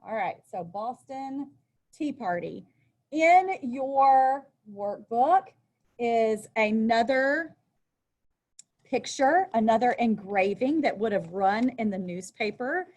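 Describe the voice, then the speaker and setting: A woman's voice: a little high, lively intonation, takes it slowly, a little mellow. A woman teacher giving a recorded lesson, reading aloud from a text and then explaining it in a chatty way, with casual asides. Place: at a desk with a workbook.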